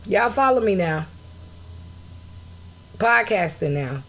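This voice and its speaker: A woman's voice: low-pitched, lively intonation, measured pace. Furious woman ranting on her podcast. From United States. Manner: angry, blunt, swears, rises to shouting; greets live chat viewers mid-talk. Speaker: podcast host. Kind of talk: impassioned solo podcast talk.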